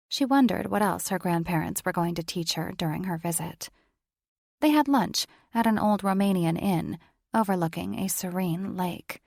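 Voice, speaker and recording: A woman narrates a romance audiobook in a low, gravelly voice. Her delivery is measured and steady. The studio sound is dry and close, with no room around her. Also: no echo. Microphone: studio microphone.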